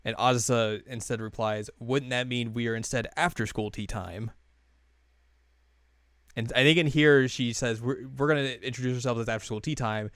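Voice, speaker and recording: Smooth-voiced man recapping an anime. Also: medium pitch, steady tone, moderate pace, a bit bright, no echo, clean studio sound. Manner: rambling, many fillers, laughs while retelling scenes. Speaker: podcast co-host recapping an anime episode. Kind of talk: casual recap chat.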